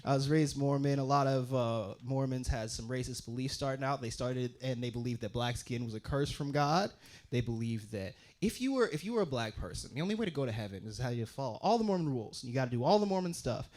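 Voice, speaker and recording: Rattling through his stand-up set fast, a young Utahn stays animated, leaping into loud, high character voices and falling back to low asides.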